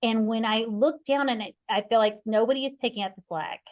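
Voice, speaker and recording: A woman in her forties hosting a podcast, telling a personal story with lively acted-out quotes and frequent restarts. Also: a little high, fairly quick. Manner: animated storyteller who acts out quoted voices; rambling, with frequent restarts and laughs. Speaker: podcast host.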